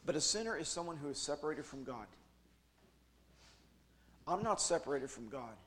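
A man speaking at a youth retreat, preaching a jokey, animated sermon with big swings in loudness. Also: fairly high pitch, normal speed.

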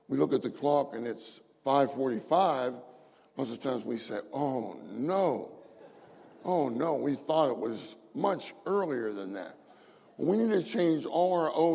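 Slow gravelly preacher in a hall. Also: male voice, medium pitch, warm tone. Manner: slow, repeats phrases for emphasis, calls out scripture. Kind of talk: sermon. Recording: long hall reverb.

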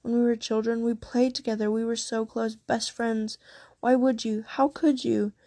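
A woman's voice: fairly high pitch, level tone, moderate pace, mellow, dry recording, close to an everyday voice. A woman voicing a desperate mother who pleads through tears. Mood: pleading. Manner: pleading, tearful.

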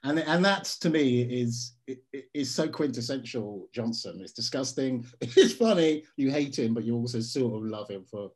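A man, an actor being interviewed, telling stories in a lively way and slipping into voices for quotes. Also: mid-range voice, normal speed, hardly any pauses. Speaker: actor guest. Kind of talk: casual interview.

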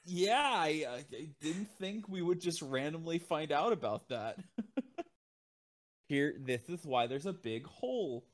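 A man co-hosting a fan podcast, chatting in an animated way with frequent laughs and acted-out quotes. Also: on the high side, takes it slowly. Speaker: podcast co-host. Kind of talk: casual podcast chat.

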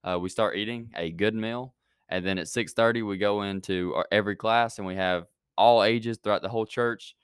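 A man's voice: on the low side, fairly even intonation, normal speed, clear, resonant tone, no room sound, clean studio sound. A man hosting a youth church podcast, rambling with many fillers and restarts, then praying. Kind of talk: casual chat and prayer.

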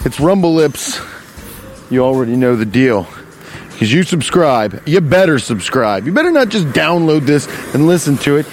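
A man hosting a comedy podcast, rambling through an improvised, profane, deadpan bit while walking along a street. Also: fairly high pitch, moderate pace, faint music behind. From Cincinnati, US. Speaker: podcast host. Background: faint traffic.

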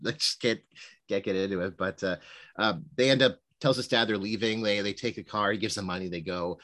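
Male podcast co-host, lowish voice, rapid rambling chat, dry close mic. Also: a bit bright, no room sound. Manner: rambling, lots of fillers and retold movie lines. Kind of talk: casual film discussion.

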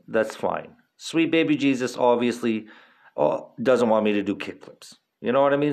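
A man in his thirties hosting a podcast, rambling casually in a laid-back, profane, slangy way with frequent laughs. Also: medium pitch. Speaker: podcast host.

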